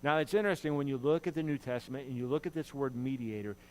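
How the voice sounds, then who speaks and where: A man's voice: medium pitch, fast, a little hiss or hum, poor audio. Earnest male pastor preaching a sermon. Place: church.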